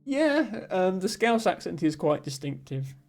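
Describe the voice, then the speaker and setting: A woman's voice: sits low, unhurried, dark tone. A woman from Somerset with a generic, slightly posh southern English accent, chatting casually on a stream while solving puzzles and thinking aloud. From Somerset, southwest England. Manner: rambling, thinks aloud, reads chat aloud.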